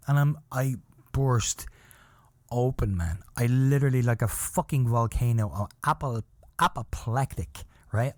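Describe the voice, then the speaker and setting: A man's voice: mid-range voice, a little mellow, no room sound, studio quality. A middle-aged man hosting a podcast, telling a casual story in a rambling, profane way full of "you know". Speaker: podcast host.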